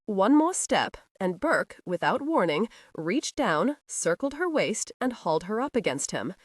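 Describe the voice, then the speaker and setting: A woman narrating a historical romance audiobook in an expressive storytelling manner. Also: medium pitch, a little slow, no echo, clean studio sound. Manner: expressive, voices each character.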